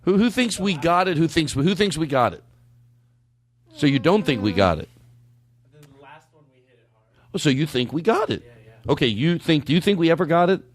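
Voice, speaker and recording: A man hosting a comedy podcast, joking excitedly, swearing and laughing often in casual banter. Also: fairly high pitch, moderate pace, long pauses. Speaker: podcast host.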